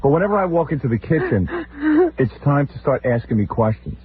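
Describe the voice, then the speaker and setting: A middle-aged male radio host rattles off family stories at a quick clip, his voice leaping around as he acts out the people in them. The sound is narrow and tinny, like an old broadcast archive with a faint hiss underneath. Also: medium pitch. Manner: animated, mimics family members in exaggerated voices. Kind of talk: comic talk-radio storytelling.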